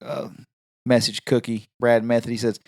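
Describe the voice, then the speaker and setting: A man's voice: medium pitch, flat delivery, moderate pace, a little mellow, no room sound, clean studio sound. A man, co-hosting a podcast and telling rambling stories in casual chat. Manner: rambling, with many restarts and fillers. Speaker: podcast co-host.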